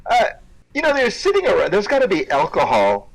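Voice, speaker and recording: Gravelly, lively-voiced male co-host. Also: high voice, a little fast, poor audio. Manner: rambling, laughing, many fillers. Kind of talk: casual chat over videos.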